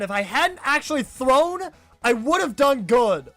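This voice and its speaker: A man with a high, light voice runs a live game stream, chatting to his viewers. He is animated and quick to scold himself. Soft game music plays faintly behind him. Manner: animated, self-critical, talks straight to viewers. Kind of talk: live gameplay stream commentary.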